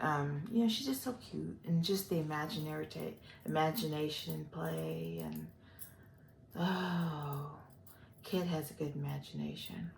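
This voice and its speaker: An older woman from the Gulf Coast of Texas, rambling through a personal vlog with many pauses and fillers. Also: deep voice, gravelly, a little mellow, echoey room, slight background noise. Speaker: vlogger.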